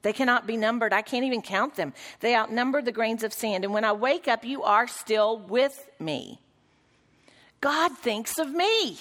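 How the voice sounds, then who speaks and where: A woman's voice: a little high, normal speed, fairly bright tone. Woman Bible teacher, earnest and questioning, reading scripture aloud; reverberant hall sound. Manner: earnest, questioning the group, reads quotes aloud. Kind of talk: Bible lesson teaching with read-aloud quotes. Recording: long reverb of a large room.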